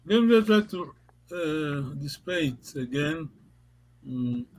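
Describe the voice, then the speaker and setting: A man with a high voice leads a language lesson over a video call. He speaks patiently and haltingly, repeats himself and laughs often. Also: lively intonation, rough recording. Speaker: language teacher. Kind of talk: online language class.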